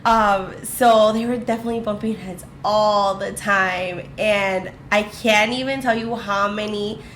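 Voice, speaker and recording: A young adult woman co-hosting a podcast, chatting casually and telling animated stories about her friend. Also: mid-range voice, a little slow, a little hiss or hum. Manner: animated storyteller who acts out quotes. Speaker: podcast co-host. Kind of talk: casual chat.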